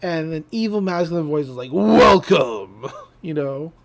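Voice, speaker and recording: A podcast co-host rambling through an episode recap, laughing often and breaking into the lines. The pitch swings widely through every sentence, sitting at a middle level. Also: animated, fairly quick, noisy background.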